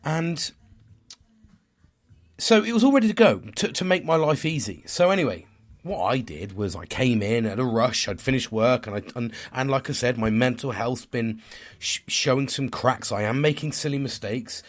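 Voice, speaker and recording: A man's voice: mid-range voice, expressive, normal speed. Man, vlog monologue, heavy swearing, rambling, stressed, tired, self-critical. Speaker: vlogger.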